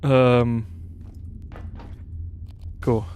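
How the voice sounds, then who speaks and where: A man's voice: medium pitch, little pitch movement, extremely slow, darkish tone, a little hiss or hum. Young male streamer, casual, rambling, chatty with chat. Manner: rambling, chatty, reads chat aloud, frequent fillers. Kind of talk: casual gameplay commentary.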